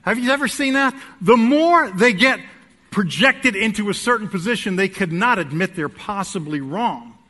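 A man preaching a sermon to his congregation, telling a humorous story and swinging between quiet asides and loud, emphatic peaks. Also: sits high, expressive, normal speed. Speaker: pastor. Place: church sanctuary with congregation.

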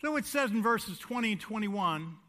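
Bright-voiced preacher, a man pitched high. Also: lively intonation, normal speed. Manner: emphatic preaching, swinging between loud declarations and hushed lines; direct, asks the congregation rhetorical questions. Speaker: pastor. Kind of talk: sermon. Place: church sanctuary.

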